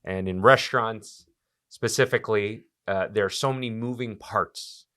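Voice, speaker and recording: Bright-voiced joking podcast host man. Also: fairly low pitch, moderate pace. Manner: joking, teasing, upbeat. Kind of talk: casual chat.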